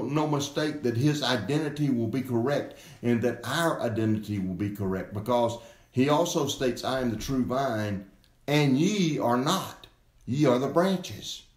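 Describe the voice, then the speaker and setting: A male pastor delivers a sermon at an unhurried, deliberate pace, leaning hard on repeated words. His voice sits at an ordinary middle pitch. The recording carries a noticeable roomy echo. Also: darkish tone. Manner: slow and emphatic, repeating key words. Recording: echoey room.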